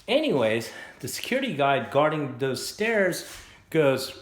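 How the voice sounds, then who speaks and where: A man casually telling a story and showing off his guitars at home, rambling and animated. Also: medium pitch, normal speed, roomy sound. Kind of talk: casual storytelling and show-and-tell. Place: room at home, guitar workshop.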